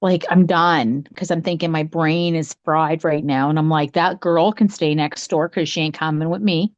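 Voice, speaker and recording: A woman's voice: normal speed, no room sound, lo-fi sound. A middle-aged woman, a psychic podcast co-host, telling a true ghost story in casual chat and acting out the quoted voices. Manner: animated, acts out quotes with big pitch jumps.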